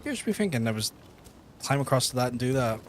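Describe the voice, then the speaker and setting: A man's voice: medium pitch, very animated, fast talker, slight background noise. Sweary man streaming a game. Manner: sweary, blunt and ranting. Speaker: gaming streamer. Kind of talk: live gameplay commentary. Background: game music.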